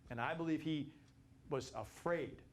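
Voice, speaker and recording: A man teaching a Bible study class, animated and repetitive, building to emphatic peaks. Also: a little high, unhurried.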